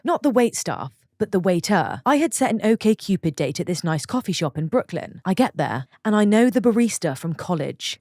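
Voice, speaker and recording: A woman with a lively voice that swoops up and down and sits a little low, reading online stories and breaking off to react to them. The sound is dry and close, with no room around it. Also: no room sound. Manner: expressive, reacting aloud between stories. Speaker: story narrator.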